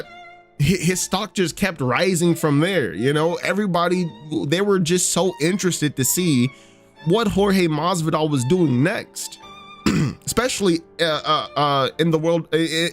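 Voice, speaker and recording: A man giving rambling, profane casual commentary, full of fillers and restarts. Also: a little high. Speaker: podcast host.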